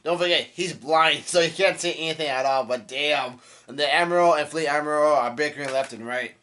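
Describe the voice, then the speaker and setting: A young man reacting casually on the spot, halting often with fillers and restarts and swearing in surprise. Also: fairly high pitch, bright, forceful tone. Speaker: manga reaction host. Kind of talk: casual live reading and reaction.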